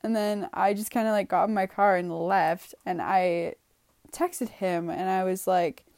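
A woman's voice: mid-range voice, steady tone, a little slow, darkish tone, no echo, studio quality. Young woman rambling through a storytime. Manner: rambling, full of "like" and "you know"; exasperated, swearing for emphasis. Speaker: vlogger. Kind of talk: casual storytime.

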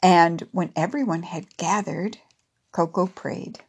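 A woman narrating a children's story in a gentle, expressive way. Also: medium pitch, a little slow, breathy edge.

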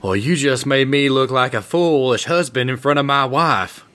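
A man voicing a jealous, brawling husband with a drawling, rough way of speaking. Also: mid-range voice, moderate pace, fairly bright tone, pitched above the performer's own voice, close to an everyday voice.

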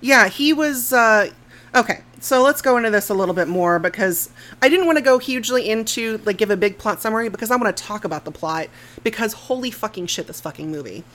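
A woman's voice: fairly high pitch, animated, fairly quick, a bit bright. A woman co-hosting a casual movie review podcast, talking frankly with plenty of swearing, laughing often and sometimes trailing off mid-thought. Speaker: podcast co-host.

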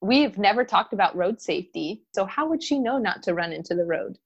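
A woman's voice: medium pitch, brisk, slightly rough. Woman telling a story, dull lo-fi sound. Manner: animated storytelling, acts out quoted voices. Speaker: mother of a toddler. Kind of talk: casual podcast conversation.

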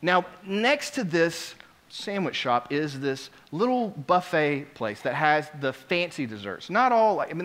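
A man preaching a sermon, telling a story with lively swings between quiet asides and loud exclamations. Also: on the high side. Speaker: pastor.

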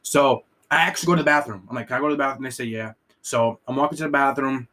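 A young man tells a long story on a casual podcast, rambling and profane. He leans hard on filler words and restarts, and his pitch sits in the middle. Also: racing, a bit bright. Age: young adult. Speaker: podcast co-host telling a story.

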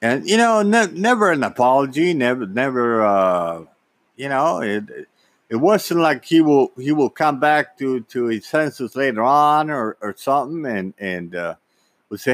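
Slow, lively-voiced man telling a story. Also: medium pitch, no echo. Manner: halting, repeats words, acts out quotes. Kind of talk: personal anecdote, casual monologue.

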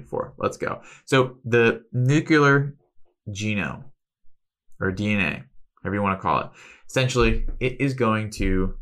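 A man with a fairly low voice hosts a casual health Q&A. He talks through each point loosely, with offhand asides that poke fun at himself. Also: a bit bright. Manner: chatty, self-deprecating asides, loose analogies. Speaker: host.

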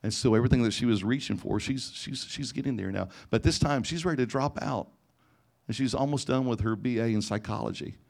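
A man's voice: medium pitch, a little fast, gravelly, a little mellow. A man preaching a sermon, telling personal stories and acting out conversations with frequent restarts. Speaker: pastor.

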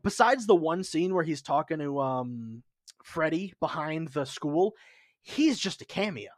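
A man hosting a podcast in casual chat, excitable and swearing freely. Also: fairly high pitch, unhurried, dry recording, studio quality. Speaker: podcast host.

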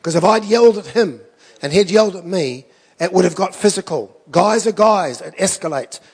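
A man's voice: high voice, animated, moderate pace, darkish tone, husky, long reverb tail. A man preaching a sermon, telling stories in a conversational way with self-deprecating asides. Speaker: pastor.

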